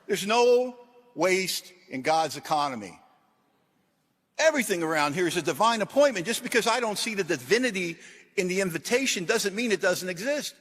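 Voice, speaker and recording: A middle-aged man with a fairly high-pitched voice gives a recovery talk to a large audience. He tells self-deprecating stories in punchy one-liners. He moves from loud, emphatic jokes to quiet, earnest reflection. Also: lively intonation, normal speed. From Washington, USA. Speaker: AA convention speaker.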